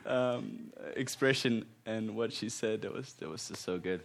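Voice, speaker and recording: A guest preacher from Finland speaks a little slowly in a voice on the low side, with a Finnish accent. He recounts personal stories with frequent laughter, animated and self-deprecating.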